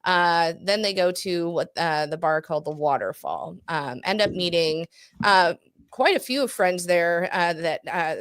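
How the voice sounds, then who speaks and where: A woman talks her way through a long story on a relaxed podcast, pausing on ums and breaking into small laughs. Her voice sits a little low, and the sound is close and dry with no room echo. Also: clear, resonant tone. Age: adult parent. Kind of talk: casual podcast chat.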